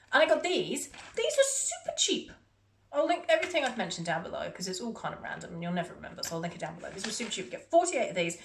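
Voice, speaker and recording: Chatting to camera about things she's recently bought, a woman beauty vlogger rambles in a self-mocking, casual haul style. She has a mid-range, fairly bright voice, and the room sounds echoey with a faint bit of noise.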